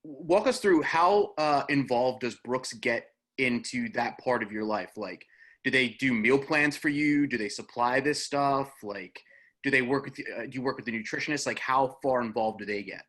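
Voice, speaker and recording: A man's voice: medium pitch, moderate pace, fairly bright tone. A man co-hosting a casual interview, cracking jokes and asking follow-up questions. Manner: wisecracking, laughing easily. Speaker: co-host.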